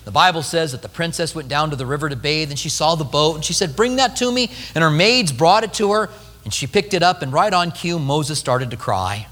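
A male pastor preaching a sermon, telling a story with lively acted-out quotes. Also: a little high, brisk, big-room sound.

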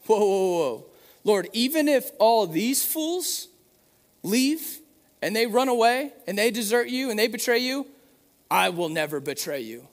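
A man acting out a brash, boastful male disciple who loudly vows loyalty, his speech emphatic and exclaiming. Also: high-pitched, animated, unhurried, pitched above the performer's own voice. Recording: long hall reverb.

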